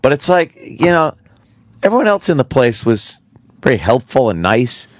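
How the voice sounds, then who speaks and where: A man's voice: medium pitch, very animated, moderate pace, dry recording, clean studio sound. Profane middle-aged man telling a story. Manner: profane, rambling storyteller with many restarts. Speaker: radio show host. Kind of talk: casual radio talk, telling a story.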